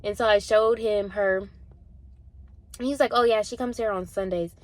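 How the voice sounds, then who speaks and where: A young woman in her twenties chatting casually at the gym, animated and full of "like", acting out the people in her story. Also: mid-range voice, moderate pace, dry recording. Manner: animated, acts out voices in quotes, frequent "like" and swearing. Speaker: vlogger.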